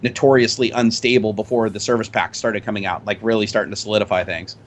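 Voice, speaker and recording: A male co-host with a lowish voice rattles off quick wisecracks in casual tech chat. Faint room ambience sits behind him. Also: fairly even intonation, slight background noise.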